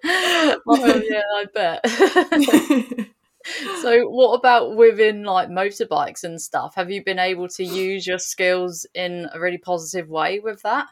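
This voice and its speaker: A woman's voice: medium pitch, slow. Woman podcast host in casual chat.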